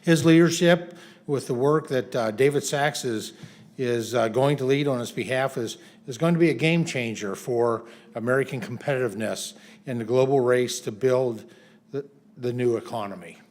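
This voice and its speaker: A man's voice: medium pitch, moderate pace, a little mellow. A man, a congressman, giving a statement at a press conference, with many fillers and restarts.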